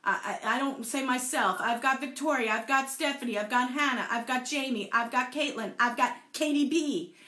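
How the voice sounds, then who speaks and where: A woman's voice: sits high, moderate pace, hardly any pauses, pushed and bright, roomy sound. A playful woman leading a live group storytelling session, encouraging her participants and joking about tongue twisters. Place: indoor room, also streamed to Facebook.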